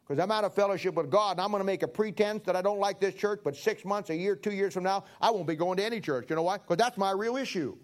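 A man's voice: high-pitched, quick pace, hardly any pauses. A man preaching a sermon in a folksy, joking way, acting out little everyday scenes. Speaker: pastor.

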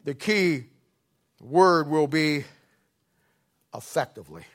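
A man's voice: fairly high pitch, animated, slow pace. Blunt preacher man, fiery swings. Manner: swings from quiet murmurs to loud emphatic peaks; blunt, scolding, plain-spoken. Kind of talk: sermon.

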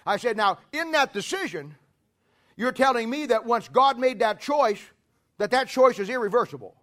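A man preaching in a very high voice. He talks in a folksy, conversational way, jokes with his congregation and breaks into emphatic shouts to press a point. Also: expressive, normal speed. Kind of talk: sermon.

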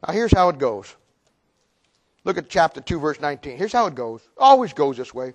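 A man preaching a sermon, animated and storytelling, acting out the people in his stories, often repeating words as he goes. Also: fairly high pitch, normal speed. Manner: animated, acts out quoted voices, repeats words.

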